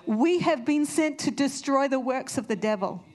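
A woman's voice: high-pitched, animated, normal speed, darkish tone. A woman preaching a sermon, earnest and conversational, telling personal stories. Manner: earnest, storytelling with conversational asides.

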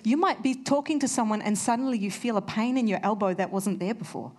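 A woman's voice: fairly high pitch, fast talker, a little mellow. A woman preaching a sermon, earnest and conversational, telling personal stories. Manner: earnest, storytelling with conversational asides.

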